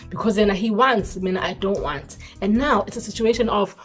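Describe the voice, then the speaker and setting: A young South African woman vlogger telling a personal story in an expressive voice, mixing in isiZulu words. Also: mid-range voice, fairly quick, soft background music. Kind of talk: storytime vlog.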